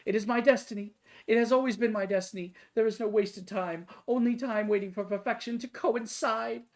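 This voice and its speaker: A woman's voice: on the high side, a little fast, voice pushed up, lightly acted. A woman voicing a haughty, lovesick, grandiose woman in a game, reading her lines in a pompous, theatrical manner. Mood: dreamy, grand. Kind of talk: game dialogue read aloud.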